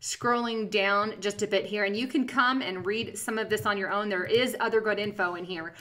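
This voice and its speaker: A woman's voice: mid-range voice, moderate pace, bright, forceful tone. A young woman commenting on political documents she scrolls through on screen, emphatic and sarcastic, with fillers and slips.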